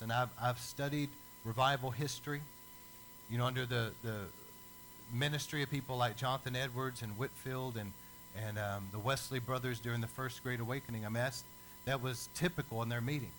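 A man preaching a sermon as a lively storyteller who acts out the people in his stories. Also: medium pitch, slight background noise, poor audio.

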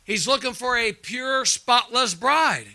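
A man preaching a revival sermon, punctuating his points with amens and calls for response, and dropping to a hushed tone when he tells his own story. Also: very high voice, animated, slow. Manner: drops quiet and hushed when telling his testimony. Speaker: pastor.

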